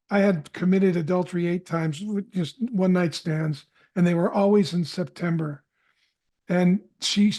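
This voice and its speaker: Middle-aged guy on a podcast, kinda high voice, telling a personal story, keeps correcting himself. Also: dark tone. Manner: candid, self-correcting storyteller who acts out quoted dialogue. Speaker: podcast guest.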